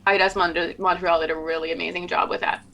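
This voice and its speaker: Bright, chatty woman game developer. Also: fairly low pitch, flat delivery, vocal fry, slight background noise. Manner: upbeat and chatty, quick to laugh. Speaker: game developer co-hosting a gameplay stream. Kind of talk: casual chat over gameplay.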